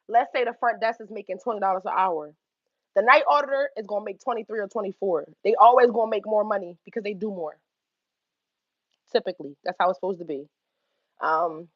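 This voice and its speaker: A woman's voice: medium pitch, no echo. A woman talks through her overnight hotel job in a loose, profane, conversational way, often asking if the listener follows. The sound is dry and close, with a dull, lo-fi quality. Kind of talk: casual explainer talk.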